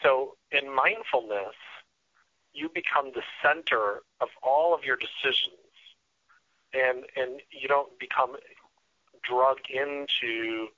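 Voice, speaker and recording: An earnest man speaking as a radio guest, his voice bright and forceful. He often restarts his sentences and fills pauses as he explains. The sound is dry and a little dull, with a lo-fi feel. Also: mid-range voice, no echo. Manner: earnest, with frequent restarts and fillers. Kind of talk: casual interview talk.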